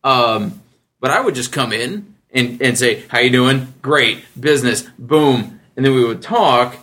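Male podcast host, 30s, casual and animated storyteller. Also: unhurried. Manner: animated storyteller, jumps high when quoting others.

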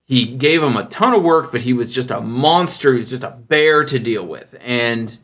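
A man in his thirties hosting a casual podcast, telling stories with lively, acted-out voices for other people. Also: normal speed. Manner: animated storyteller who acts out other people in a high voice. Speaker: podcast host.

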